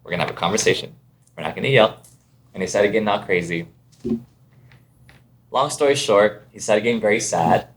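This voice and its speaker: A man from Ontario, Canada, appears as a podcast guest, telling casual stories in an animated way and acting out the voices of the people in them. His voice is lowish and brisk, with frequent pauses.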